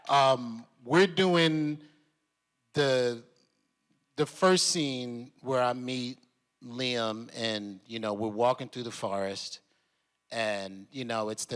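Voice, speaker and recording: Bright-voiced man telling a lively story. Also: medium pitch. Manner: animated storyteller acting out other people's voices. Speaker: actor guest. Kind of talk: casual storytelling at a convention panel.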